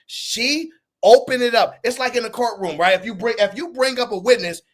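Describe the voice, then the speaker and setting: Fast-talking, high-voiced young man ranting. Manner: animated, mocking, repeats himself, calls people sir. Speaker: live stream host. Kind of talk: heated commentary to a live chat.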